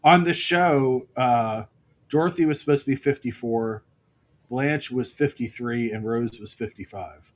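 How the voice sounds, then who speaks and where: A middle-aged man co-hosting a podcast, chatting casually and telling family stories with quick impressions of the people in them. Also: medium pitch, poor audio. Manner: storytelling, mimics his father's outbursts. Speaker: podcast co-host. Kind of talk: casual chat.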